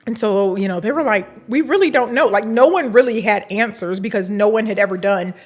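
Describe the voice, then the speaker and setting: Animated woman telling a story. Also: medium pitch, brisk. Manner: animated storyteller acting out dialogue, laughing. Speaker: university administrator, interview guest. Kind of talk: storytelling interview.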